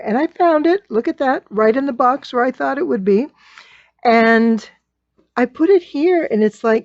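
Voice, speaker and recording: A woman's voice: sits high, expressive, normal speed, a little mellow, no echo, muffled recording. A woman teaching quilting in a casual tutorial, chatting and thinking aloud as she sorts fabric.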